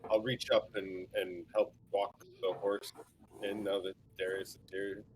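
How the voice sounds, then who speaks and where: A man playing a tabletop game, talking with the other players in a measured way. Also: low-pitched, flat delivery, slight background noise. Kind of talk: casual chat at a tabletop game.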